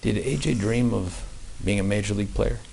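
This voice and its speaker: Gravelly low-voiced male attorney. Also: background noise. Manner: measured, coaxing prompts. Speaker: prosecutor questioning a witness. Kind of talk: courtroom questioning. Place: courtroom.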